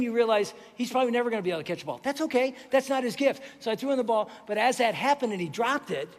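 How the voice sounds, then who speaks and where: A high-voiced man preaches to a large church, telling his story with animated energy. His voice rings through a long hall reverb. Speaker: pastor. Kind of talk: sermon storytelling.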